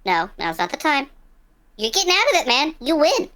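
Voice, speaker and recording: A woman playing a tabletop game in character, bossy and exasperated in quick banter. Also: high-pitched, very animated, fairly bright tone. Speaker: player. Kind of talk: casual tabletop play, in character.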